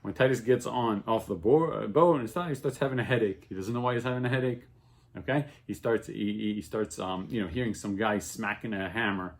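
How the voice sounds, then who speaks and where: A man's voice: lowish voice, fairly quick. Man teaching a casual religious class. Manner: checks in with "okay?" and "right?" constantly; animated storytelling, voice rising with excitement. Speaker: Torah teacher.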